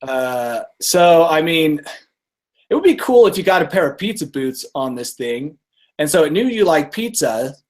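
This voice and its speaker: Guy cracking jokes on a comedy podcast, kinda high voice, laughs a lot. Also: sing-song, moderate pace, darkish tone. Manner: joking, laughs at his own bits. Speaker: podcast co-host presenting stories. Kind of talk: casual comedic chat.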